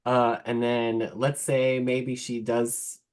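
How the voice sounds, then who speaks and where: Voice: mid-range voice, little pitch movement, slow pace. A player in a tabletop game, chatting casually with lots of fillers while deciding a move. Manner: chatty, hesitant, many fillers.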